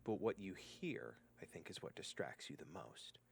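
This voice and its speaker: A man's voice: low-pitched, very animated, moderate pace, vocal fry, slight background noise. A man running a tabletop game as game master, narrating the scene in a descriptive way with some hesitant fillers.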